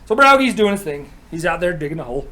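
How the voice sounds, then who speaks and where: A man casually retelling an old myth in a chatty, animated, profane style. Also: fairly high pitch, fast, poor audio. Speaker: comedic myth storyteller.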